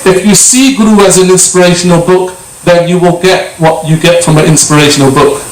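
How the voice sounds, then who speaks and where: Sermon speaker, British man, slightly high voice, conversational, echoey hall, mic at a distance. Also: fairly even intonation, a little fast. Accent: British English. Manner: conversational, frequent restarts and throat clearing. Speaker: speaker giving a talk at a gurdwara. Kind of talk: informal sermon. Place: large prayer hall.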